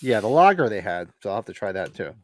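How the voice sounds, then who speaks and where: A man's voice: lowish voice, very animated, quick pace. A man hosting a casual live movie watch-along, rambling and restarting his sentences. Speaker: host. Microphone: webcam stream setup.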